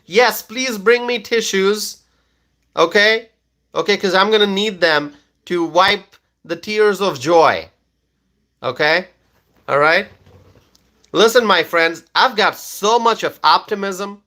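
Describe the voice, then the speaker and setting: A man's voice: sits high, slow, long pauses, bright, forceful tone. A man hosting a political livestream and reading out viewer comments. He is emphatic, repeats himself, and keeps checking in with "okay?".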